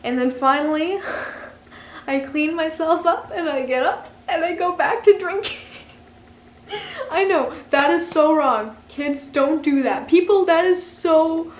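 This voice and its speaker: A woman's voice: extremely high pitch, animated, slow, roomy sound. A young woman telling a story to camera in a casual vlog, laughing often as she goes. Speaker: vlogger.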